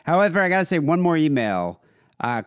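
A man's voice: fairly high pitch, brisk, clear, resonant tone, no room sound. A man co-hosting a casual podcast, reading listener emails aloud. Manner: reads emails aloud with lively, shifting delivery. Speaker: podcast co-host.

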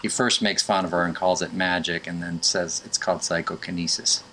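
A man's voice: sits low, fairly even intonation, brisk, bright, forceful tone, slight background noise. A man co-hosting a casual movie chat, rambling and laughing often. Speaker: podcast co-host.

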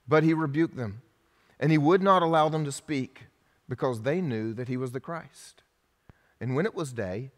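Conversational male pastor in a reverberant hall. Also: medium pitch. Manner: conversational, with frequent restarts. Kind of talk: sermon.

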